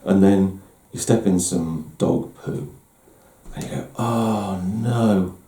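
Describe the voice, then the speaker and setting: A man's voice: low-pitched, little pitch movement, takes it slowly, dark tone. A middle-aged man giving a candid, self-deprecating personal talk as host, often restarting his words. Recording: roomy echo.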